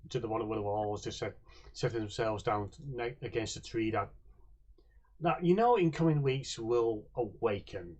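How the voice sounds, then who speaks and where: Game master, a man with a husky voice, halting narration. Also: lowish voice, a little mellow, dull audio. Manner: hesitant, restarting narration.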